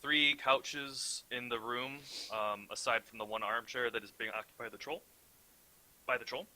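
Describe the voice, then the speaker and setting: Bright-voiced young game master. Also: male voice, medium pitch, steady tone, normal speed, low-quality recording. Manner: hesitant, filler-heavy narration. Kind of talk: narrating a tabletop game.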